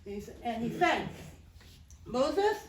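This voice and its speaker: A woman teaching children, telling a Bible story in a lively, playful and expressive way. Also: high-pitched, moderate pace. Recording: roomy, distant mic.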